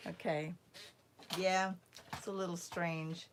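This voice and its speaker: A woman leads a relaxed livestream art class, taking her time as she chats and greets viewers by name. Her mid-range voice carries a gravelly fry, and now and then she drops into a near whisper. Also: medium pitch, takes it slowly, slight background noise. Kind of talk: casual livestream art lesson.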